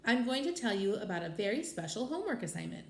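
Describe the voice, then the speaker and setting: A woman voicing a patient, kindly female schoolteacher in a children's storybook, speaking calmly. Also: mid-range voice, fast, echoey room. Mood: instructive. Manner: calm, instructive.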